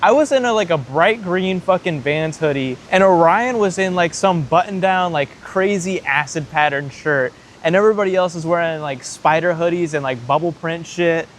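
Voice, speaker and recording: A man's voice: fairly high pitch, normal speed, few pauses, a little hiss or hum. A young man telling a story in a casual, rambling way, swearing freely and saying "like" constantly. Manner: profane, rambling, heavy use of "like". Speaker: storytime vlogger.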